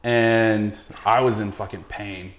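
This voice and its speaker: Male podcast guest, halting and joking, roomy sound, faint noise. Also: fairly low pitch, fairly even intonation. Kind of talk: casual podcast chat.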